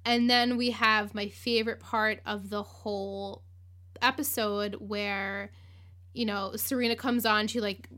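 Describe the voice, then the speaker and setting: Woman, podcast host, chatty recap, full of "like", bright clear tone. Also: medium pitch, steady tone, unhurried. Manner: chatty, lots of "like", acts out quotes, laughs. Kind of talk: casual recap chat.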